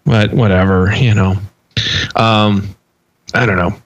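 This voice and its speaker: A man's voice: on the low side, fairly even intonation, slow pace. A man in his thirties co-hosting a radio show, rambling and exasperated in casual chat. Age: 30s. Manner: rambling, exasperated, many fillers. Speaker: podcast co-host.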